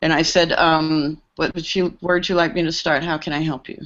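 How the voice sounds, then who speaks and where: A woman recording engineer telling lively stories on a casual call and acting out the quoted lines. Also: low-pitched, normal speed, dull audio. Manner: lively storyteller who acts out quoted lines. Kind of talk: casual storytelling on a group call.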